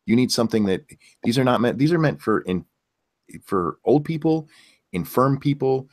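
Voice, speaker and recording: A man's voice: medium pitch, expressive, moderate pace. A man hosting a casual live stream, reading viewer questions and ranting bluntly with lots of profanity. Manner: reads viewer questions aloud. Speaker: stream host.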